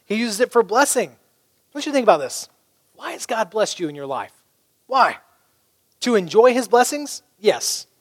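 A man's voice: high voice, normal speed, pauses often. A man preaching a sermon as pastor, conversational and humorous, telling stories. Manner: conversational, humorous, animated storytelling. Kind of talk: sermon with storytelling.

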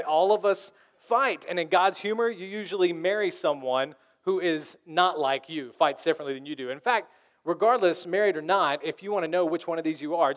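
A man pastor preaching a lively sermon, acting out the voices of arguing people. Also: on the high side.

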